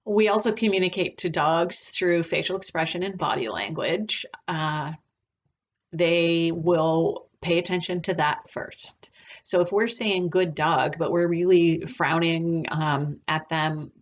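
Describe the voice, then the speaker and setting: A woman teaching a recorded lesson on dog behavior, talking in a relaxed, chatty way with frequent ums. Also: deep voice, measured pace, lo-fi sound. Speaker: dog trainer.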